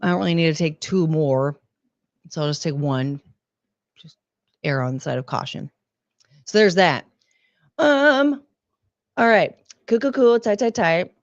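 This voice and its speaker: A woman with a hoarse, sick voice, hosting a stream in casual, halting, rambling chat that pokes fun at herself. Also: fairly low pitch, expressive, dry recording, dull audio. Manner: rambling, halting, self-deprecating. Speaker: streamer host.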